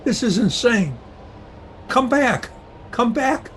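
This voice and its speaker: A man playing a well-spoken lost gentleman. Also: high-pitched, animated, a little slow, a little hiss or hum. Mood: alarmed. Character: gentlemanly, skeptical traveler lost on the moors. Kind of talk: 1930s-style radio drama acting.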